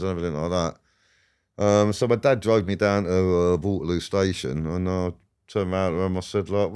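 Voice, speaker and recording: A podcast guest from England rambles through anecdotes in a relaxed interview, laughing and cursing along the way. He speaks at a normal speed in a low, clean-toned voice.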